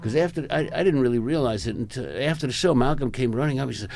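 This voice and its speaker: Speaking quickly in a gravelly, slightly mellow mid-range voice, an older man who photographs rock musicians rambles through stories as a guest, chuckling and voicing the people he quotes. The recording is dry.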